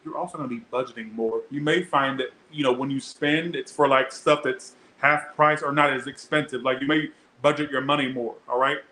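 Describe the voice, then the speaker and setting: A young man gives a casual tarot reading in a bright, forceful voice, talking straight to his viewers. He is chatty, blunt and swears a lot. The sound is echoey, with a faint hiss of room noise. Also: mid-range voice, fairly even intonation, fairly quick, hardly any pauses. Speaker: tarot reader.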